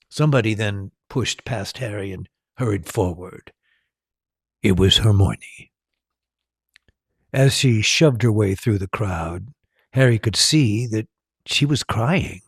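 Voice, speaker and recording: Slow gravelly male storyteller. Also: fairly low pitch, no room sound, clean studio sound. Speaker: storyteller and tour guide. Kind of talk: storybook narration.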